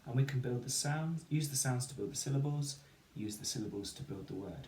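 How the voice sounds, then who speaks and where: A man's voice: mid-range voice, a little fast, mellow. A man teaching children phonics, counting in and sounding out words syllable by syllable, with encouraging praise. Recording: echoey room with faint ambient noise.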